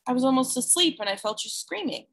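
A small boy with an uncannily wise, calm manner, as a woman reading a storybook puts him on. He speaks in a quiet, matter-of-fact way in a high, bright, clear voice. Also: fast talker, exaggerated voice. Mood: calm knowing.

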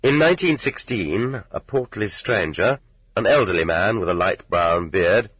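Deep, husky male audiobook narrator. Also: dry recording. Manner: measured, even reading. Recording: dull lo-fi tape, dry.

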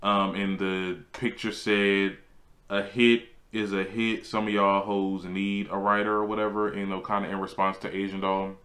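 A man hosting his own celebrity gossip show, chatting casually and sassily, jumping up in pitch to make a point. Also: normal speed. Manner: animated and sassy, swings high for emphasis. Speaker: host.

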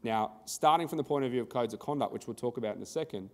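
A man's voice: mid-range voice, animated, fast talker, long reverb tail. An Australian man presenting a conference workshop in a conversational style, telling anecdotes and acting out the dialogue.

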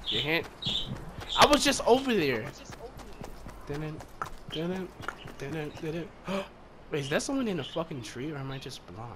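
A young man joking, swearing and yelling as he comments on a game with friends over a headset. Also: a little high, fairly quick. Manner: excitable, joking, swears, yells when excited. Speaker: gamer streaming with friends. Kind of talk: casual gameplay commentary. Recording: noisy game chat audio.

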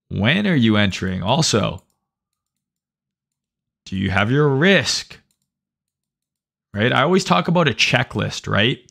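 A man's voice: mid-range voice, creaky, fairly bright tone. A man hosting a trading livestream, talking casually with swearing and a habit of tagging "right?" on his points while reading chat aloud. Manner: conversational, profane, reads chat aloud, frequent "right?". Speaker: livestream host, trading educator.

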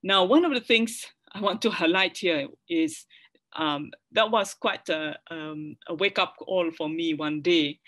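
A middle-aged woman with a Malaysian English accent gives a public academic lecture. She talks in halting bursts, often restarting a phrase midway. She keeps turning to the audience with quick tag questions. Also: lowish voice, a bit bright. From Sarawak, Malaysia.

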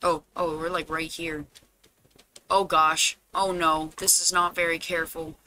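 Bright-voiced man streaming a game. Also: fairly high pitch, little pitch movement, a little slow, faint music behind. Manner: chatty, fretting aloud, bursting into loud dramatic cries. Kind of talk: casual gameplay commentary on a live stream.

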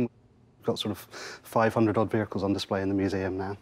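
A man's voice: lowish voice, level tone, fast talker, a little mellow. A man who runs a car museum, answering interview questions in a hesitant, friendly way. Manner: hesitant, many restarts, friendly.

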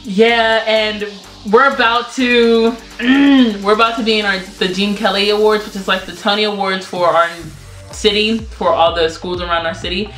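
Bright chatty teen girl, echoey room. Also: mid-range voice, fairly even intonation. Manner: chatty, quick to jump in. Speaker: co-host of a vlog channel. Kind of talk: casual chat. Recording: roomy echo, faint background music.

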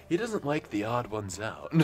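A joking male streamer in casual talk during a game stream. His pitch moves a lot, and his voice breaks into frequent laughter. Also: a bit bright. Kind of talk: casual chat while playing a game.

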